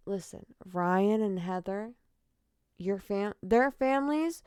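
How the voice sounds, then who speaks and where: A woman's voice: mid-range voice, gravelly, warm tone, clear, resonant tone, dry recording. A woman telling true crime stories who rambles candidly and swears freely as she signs off casually. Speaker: true crime storyteller and streamer. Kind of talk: casual sign-off chat.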